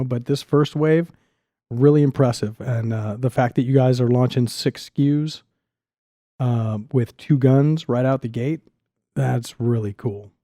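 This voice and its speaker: A middle-aged man chatting eagerly as a podcast guest, talking quickly with frequent restarts. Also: medium pitch, mellow, no echo, clean studio sound. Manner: enthusiastic, talks fast with restarts. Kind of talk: casual podcast chat.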